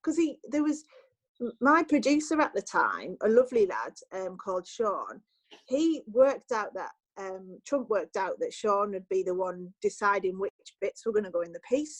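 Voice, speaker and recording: In a mid-range voice, a woman journalist guesting on a podcast spins a lively anecdote, acting out people's lines along the way. There's no echo, though the recording quality is low.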